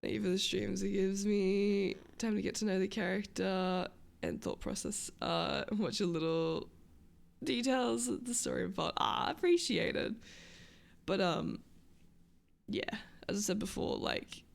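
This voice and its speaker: Creaky-voiced woman chatting casually. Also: mid-range voice, a little slow. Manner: rambling, loses her train of thought, swears casually. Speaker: streamer. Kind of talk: casual chat with stream viewers.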